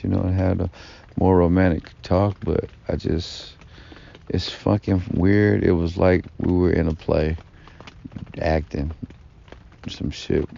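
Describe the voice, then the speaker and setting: A man's voice: low-pitched, gravelly, dark tone, slight background noise. A man telling a long personal story in a rambling, profane vlog monologue, full of fillers and asides. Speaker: vlogger. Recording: dull lo-fi recording.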